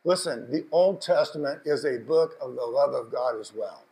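A male preacher delivering an emotional sermon, moving from hushed reflection to fervent, raised exhortation. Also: medium pitch, normal speed, vocal fry, low-quality recording. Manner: passionate, building from hushed to shouting.

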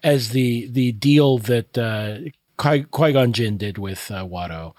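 A man's voice: medium pitch, slow, dry recording, clean studio sound. A man co-hosting a podcast in casual chat, making wry comments with many fillers and restarts. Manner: wry, lots of hesitation fillers, lively commentary. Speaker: podcast co-host.

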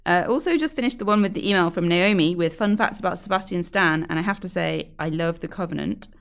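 A woman's voice: on the low side, fast, creaky. A woman co-hosting a podcast, chatting casually and reading out listener emails. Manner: chatty, frequent "like" and "um" fillers. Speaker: podcast co-host.

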